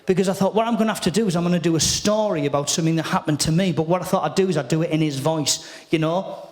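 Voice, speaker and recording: A male comedian telling a sweary, animated anecdote in a chatty way. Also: fairly high pitch, racing, reverberant, big-room sound. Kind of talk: anecdotal storytelling.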